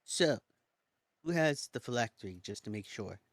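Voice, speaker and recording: A man's voice: medium pitch, expressive, normal speed, no room sound, studio quality. A man talking earnestly and plainly as a player in an online tabletop game. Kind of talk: casual tabletop game chat.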